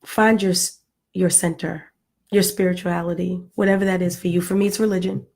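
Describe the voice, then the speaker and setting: A woman's voice: on the low side, a little mellow. A middle-aged woman talking to her viewers in a casual, heartfelt vlog, earnest and pleading, with playful asides. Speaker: vlogger.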